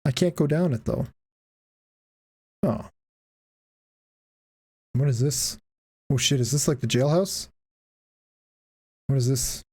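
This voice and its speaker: A woman's voice: a bass voice, measured pace, pauses often, a little mellow, husky. A woman streaming a game, giving casual, profane, joking commentary and laughing often.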